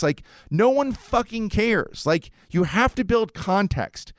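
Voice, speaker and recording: A man's voice: high voice, expressive, takes it slowly, hardly any pauses, no room sound, clean studio sound. A man hosting a podcast, ranting in a casual, rambling, sarcastic way and swearing often. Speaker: podcast host.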